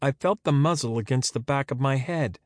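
A man's voice: mid-range voice, moderate pace, no echo, voice pushed up, lightly acted. A man voicing a dry, sarcastic woman who is being questioned again, giving curt answers. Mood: wry. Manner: sardonic, curt replies.

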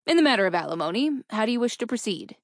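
A woman's voice: fairly high pitch, big pitch swings, dry recording. A careful, formal male lawyer who chooses his words with care, as a woman reader plays him. The read is close and dry. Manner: formal, measured.

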